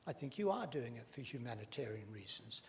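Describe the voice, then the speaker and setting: A man's voice: medium pitch, very animated, fairly quick, vocal fry. A man giving a public lecture, emphatic and wry, leaning hard on key words. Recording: dull reverberant hall recording with faint hum.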